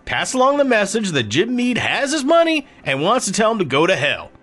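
A man's voice: mid-range voice, lively intonation, moderate pace, fairly bright tone, faint music behind, natural voice. A man voicing a tough, wry male ex-fighter who talks bluntly with a sarcastic drawl. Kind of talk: audiobook character voice.

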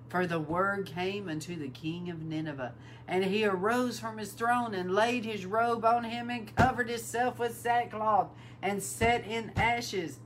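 A woman hosting a Bible talk, reading King James scripture aloud and breaking in with animated, amused commentary. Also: mid-range voice, moderate pace, a little hiss or hum, poor audio. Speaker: host and Bible teacher.

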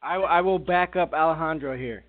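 A man co-hosting a casual beer chat, relaxed and chatty. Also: fairly high pitch, normal speed. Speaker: co-host. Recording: lo-fi phone-like sound.

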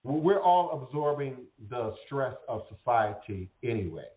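A man's voice: medium pitch, big pitch swings, unhurried. Rambling man on a tinny, echoey line. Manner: rambling, repeats words while searching. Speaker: host. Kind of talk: casual spiritual talk. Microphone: internet radio call. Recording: tinny phone-like audio in an echoey room.

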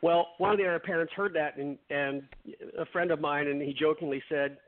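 A man's voice: on the high side, fairly even intonation, brisk, few pauses. Man telling a story over a phone line. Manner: retells dialogue, frequent restarts. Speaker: radio show guest. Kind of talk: storytelling in conversation. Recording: phone-like narrow sound.

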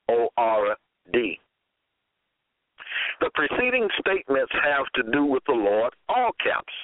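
A man preaching a sermon and reading scripture aloud, slow and deliberate, often repeating phrases. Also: mid-range voice, no room sound. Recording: tinny phone-line audio.

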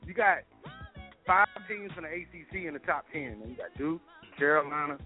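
A man runs through scores in a quick radio sports rundown. His voice sits a little high and comes in over a thin, phone-like line. Faint music plays underneath. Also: animated. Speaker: sports segment host.

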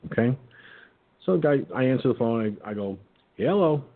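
A husky male talk radio host with a mid-range voice, blunt and profane as he tells his stories. The sound is squeezed into a narrow, phone-like band. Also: mid-range voice, fairly quick. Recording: phone-like line.

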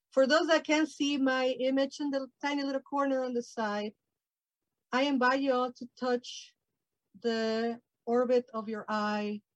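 A woman speaks passionately and expressively to an online audience, her voice pitched a touch high. The sound is dry and close, like a video call with no room echo. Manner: passionate, expressive, grows emotional. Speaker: presenter. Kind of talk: heartfelt virtual presentation.

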